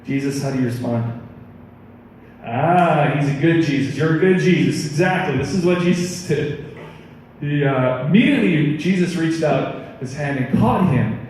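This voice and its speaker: A man preaching a casual youth sermon, animated and chatty, with a voice sitting a little high. He is heard from a distance across a reverberant hall, with long echo tails and faint room noise. He tells stories in a loose, conversational way. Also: normal speed. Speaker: youth pastor. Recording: echoey hall, mic far off.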